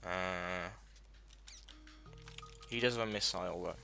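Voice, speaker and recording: A man with a very bright, sharp-edged voice chats loosely through a gameplay video. He swears freely, rambles, and corrects himself as he goes, with faint game music in the background. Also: sits low, slow, vocal fry. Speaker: gaming video host. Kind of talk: casual gameplay commentary.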